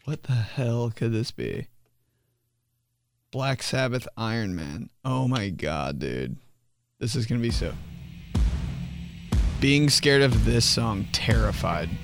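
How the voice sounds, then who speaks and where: A man's voice: medium pitch, a bit bright, smooth, no room sound, clean studio sound. A young man casually hosting a solo podcast, joking loosely in slang and laughing between stories. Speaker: podcast host.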